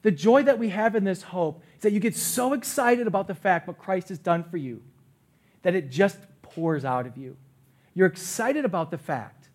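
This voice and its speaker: Middle-aged pastor guy preaching, kinda high voice, gets loud then drops real quiet. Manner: animated, swings from loud bursts to quiet asides. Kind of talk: sermon. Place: church stage.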